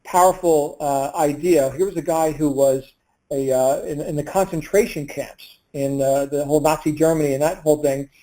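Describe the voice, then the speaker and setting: A man hosts a group call and works his way into introducing a guest. He has a slightly high, mellow voice and a hesitant delivery, full of "uh"s and false starts. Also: normal speed, rough recording. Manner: hesitant, many fillers and restarts. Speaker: host of a coaching call.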